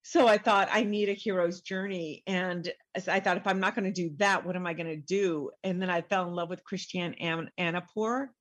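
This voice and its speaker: A woman's voice: on the low side, steady tone, moderate pace, few pauses. A middle-aged woman, a guest author, telling her story in a casual interview and animatedly acting out the voices she quotes.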